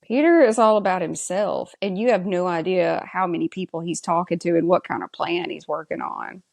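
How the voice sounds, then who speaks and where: A woman's voice: fairly low pitch, lively intonation, moderate pace, creaky, a little mellow. A woman co-hosting a podcast, chatting casually and with strong opinions as she recaps a TV episode and asks her co-host's views. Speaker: podcast co-host.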